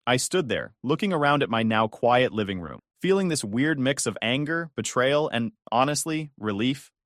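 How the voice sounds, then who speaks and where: A man's voice: mid-range voice, animated, normal speed, no echo, clean studio sound. A man narrating a dramatic first-person story in an indignant, emphatic way.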